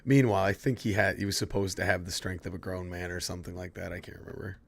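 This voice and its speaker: A man's voice: deep voice, level tone, quick pace. A man casually chatting to his viewers while playing a horror game, swearing freely and answering chat. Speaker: streamer. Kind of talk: casual gameplay commentary.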